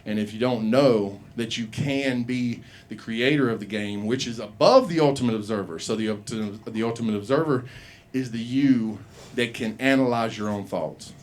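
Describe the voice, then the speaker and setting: A middle-aged man doing open mic stand-up, rambling and profane, laughing at his own jokes in a small comedy bar. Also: mid-range voice.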